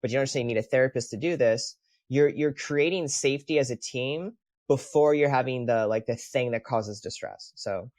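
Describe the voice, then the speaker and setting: A man's voice: mid-range voice, brisk, a little mellow, no echo. Thoughtful man co-host, dry close sound. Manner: thoughtful, searching for words. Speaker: podcast co-host. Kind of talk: casual advice conversation.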